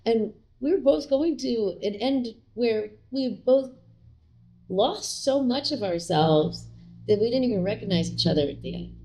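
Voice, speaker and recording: A woman's voice: fairly high pitch, lively intonation, a little slow, dark tone. A middle-aged woman, a guest in a casual interview, telling a personal story in a chatty way, full of fillers and quoted dialogue.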